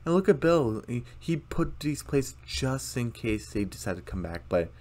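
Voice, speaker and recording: A man's voice: mid-range voice, sing-song, normal speed, a little mellow. A man chatting casually through a recap of a cartoon episode, rambling with lots of fillers. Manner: rambling, many fillers, acts out characters' lines. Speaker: video commentator.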